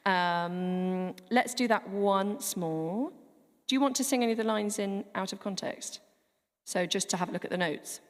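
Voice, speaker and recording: A woman's voice: medium pitch, moderate pace. A woman leading a choir rehearsal in a large church, chatty, encouraging and self-deprecating. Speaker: choir director. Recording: long church reverb, faint music.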